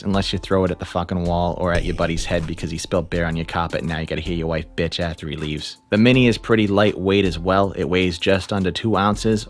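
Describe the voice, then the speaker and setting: A man with a Boston accent reading a product review script for comedy, full of profane, sarcastic asides. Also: low-pitched.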